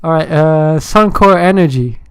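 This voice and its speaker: A man hosting a day-trading livestream, chatting and joking with viewers in an animated way. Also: a little high, a little slow, smooth, dry recording, clean studio sound. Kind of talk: casual live-stream commentary.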